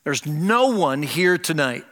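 An older pastor preaches at Christmas from the pulpit, very animated, his voice high and bright. He delivers the message earnestly and slowly draws out key phrases. A long reverb from the church sanctuary hangs on every word.

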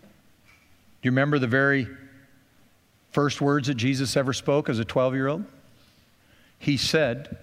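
A man preaching a sermon before communion, building to fervent emphasis and then praying quietly. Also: fairly even intonation, measured pace, long pauses. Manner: rises to fervent higher preaching, then hushed prayer. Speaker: pastor. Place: church sanctuary. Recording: long hall reverb, soft guitar behind.

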